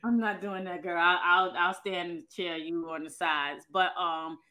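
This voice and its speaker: A woman's voice: lowish voice, steady tone, measured pace, pushed and bright. A woman co-hosting a podcast, chatting casually with many fillers. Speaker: podcast co-host. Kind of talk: casual chat.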